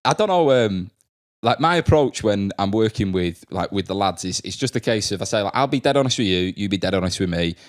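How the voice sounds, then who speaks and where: Hosting his podcast, a young school staff member tells laughing anecdotes from his work with kids, often imitating their voices in a relaxed chat. He speaks fairly quickly in a low voice with lively intonation.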